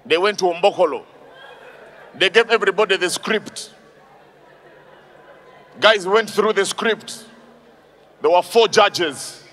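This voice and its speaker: A man doing stand-up comedy on stage, animated and shouting his punchlines. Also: high voice, slow pace, pauses often, in a large hall, some chatter behind.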